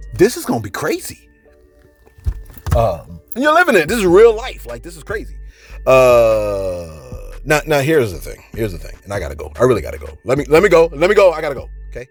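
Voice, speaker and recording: Casual commentary from a man whose pitch swings all over the place. His voice is husky and a little breathy, with faint music under it. He talks like he's preaching to his viewers and keeps checking in with them. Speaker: commentary host and teacher.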